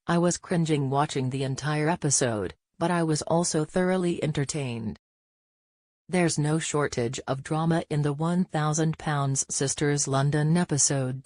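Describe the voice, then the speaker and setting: Gossip narrator reading a tv recap script, chatty, mid pitch, dead dry sound. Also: a little mellow, no room sound. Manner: chatty recap with personal reactions.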